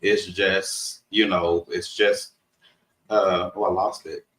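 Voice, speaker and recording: Man, Southern accent, low-pitched, rambling casual chat, distant mic, echoey room. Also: flat delivery, slow pace, fairly bright tone. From Texas. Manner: rambling, conversational, laughs often. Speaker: co-host. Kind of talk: casual live-stream discussion.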